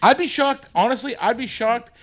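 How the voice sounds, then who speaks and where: A man's voice: very high-pitched, moderate pace, fairly bright tone, no room sound. A young man hosting a comedy podcast with wry, joking banter. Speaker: podcast host. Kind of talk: casual chat.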